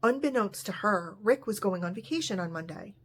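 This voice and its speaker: A woman's voice: medium pitch, animated, a little fast, slight background noise. Woman casually telling a true story. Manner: retells dialogue with light voicing of characters.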